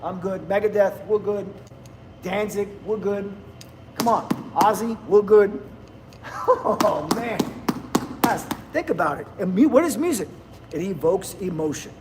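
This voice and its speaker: A man's voice: high voice, lively intonation, a little slow, pauses often, background noise. A man, rambling bluntly and laughing often in casual livestream chat with viewers. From New Jersey, USA. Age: 50s. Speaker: livestream host.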